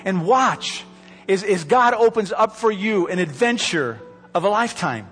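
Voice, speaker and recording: A man preaching a sermon from a church pulpit, earnest and pleading, slowing down to stress key words. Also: high-pitched, lively intonation, a bit bright, slightly rough, in a large hall, faint music behind. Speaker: pastor. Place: church sanctuary. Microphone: microphone.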